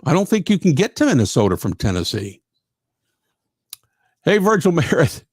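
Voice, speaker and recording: A man's voice: fairly high pitch, huge pitch swings, moderate pace, a little mellow, slightly rough, no echo, clean studio sound. A man hosting a live gospel radio show, chatty and effusive as he reads listener comments and thanks them. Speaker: radio host.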